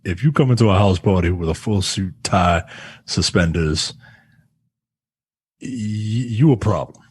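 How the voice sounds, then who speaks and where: A man co-hosting a film podcast in casual chat, talking in halting, stammered restarts. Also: low-pitched, husky, no echo. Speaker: podcast co-host.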